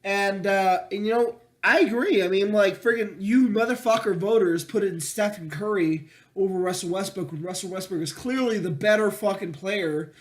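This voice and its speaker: A man's voice: high-pitched, normal speed, hardly any pauses. A young man, a podcast co-host, ranting in casual, profane sports chat, mocking and chanting names in a sing-song.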